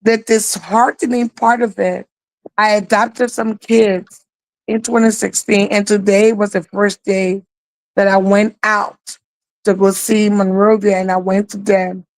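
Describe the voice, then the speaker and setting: A woman's voice: medium pitch, little pitch movement, measured pace, dry recording, rough recording. Earnest woman co-host, dry sound. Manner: emotional, rambling storytelling. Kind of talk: live online talk show.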